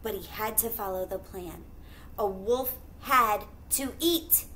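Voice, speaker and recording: A woman teacher reading a picture book aloud to children, pausing to ask them questions. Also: medium pitch, bright, forceful tone, a little hiss or hum. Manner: pauses to ask listeners questions.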